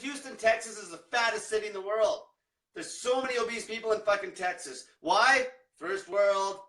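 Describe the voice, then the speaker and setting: A man's voice: high-pitched, bright, forceful tone, far from the mic. A man coaching viewers in a blunt, combative rant full of swearing. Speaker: diet coach. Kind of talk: profane motivational rant. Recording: echoey room, off-mic.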